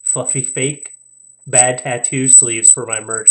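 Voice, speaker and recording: Young male streamer, casual and rambling, easy laugh, mid-pitched voice. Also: normal speed. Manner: casual, rambling, laughs often, stumbles over names. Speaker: live streamer. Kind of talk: casual live-stream chat reading viewer stories.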